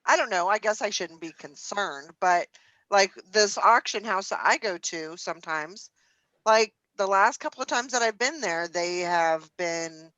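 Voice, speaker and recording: Rambling woman, bright dry voice. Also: mid-range voice, measured pace, no room sound. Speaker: hangout participant. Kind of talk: casual group chat. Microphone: video call.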